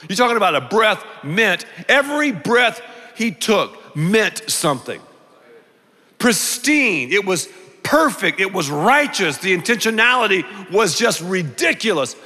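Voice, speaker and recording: A male pastor preaching a sermon, telling stories and acting out his own thoughts in a lively way. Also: sits high. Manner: animated storytelling, acting out his own inner voice. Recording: long reverb of a large hall.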